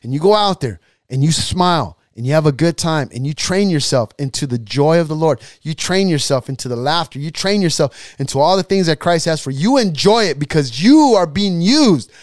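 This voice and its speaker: A man preaching a podcast sermon, emphatic and repetitive, building to forceful declarations. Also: a little high, lively intonation, a little fast, few pauses, no room sound.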